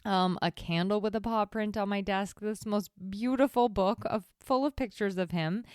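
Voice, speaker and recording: Her medium-pitched voice is smooth and free of echo. Alone on her podcast, this host speaks in a candid, chatty monologue heavy with "like," often on the verge of tears as her voice wavers near crying.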